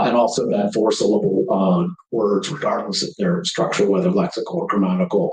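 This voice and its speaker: A man giving a measured, explanatory academic conference presentation. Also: lowish voice, darkish tone. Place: conference room. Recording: roomy echo.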